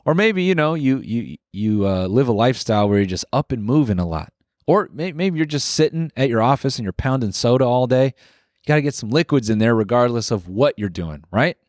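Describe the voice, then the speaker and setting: A man's voice: mid-range voice, animated, brisk, a little mellow, no room sound, clean studio sound. Man casually reading a podcast ad. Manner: loose, filler-heavy ad read. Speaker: podcast co-host. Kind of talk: casual chat and host-read ad.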